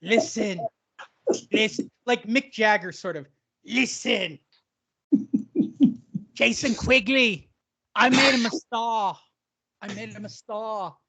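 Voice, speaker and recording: A man's voice: very high-pitched, wildly swooping pitch, brisk, fairly bright tone, voice pushed up, exaggerated voice. A man voicing a brash, boastful English boxing promoter who keeps repeating himself. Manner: cocky, repetitive "listen, mate" bluster.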